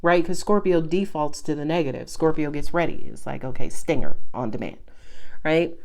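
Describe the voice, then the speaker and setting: A woman's voice: sits low, a little mellow. A woman giving a casual tarot reading to her viewers, talking bluntly and chattily and laughing often. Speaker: tarot reader.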